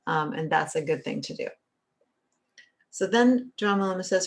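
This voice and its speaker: A woman's voice: fairly low pitch, expressive, normal speed, long pauses. A middle-aged woman therapist talking in a conversational, earnest way, often checking in with "right?". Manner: earnest, often asks "right?" and acts out little quotes. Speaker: licensed therapist and author. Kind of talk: conversational teaching talk.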